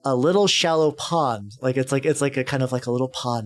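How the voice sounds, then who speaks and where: A man's voice: medium pitch, a little fast. A man narrating a tabletop game as game master, stammering and repeating words.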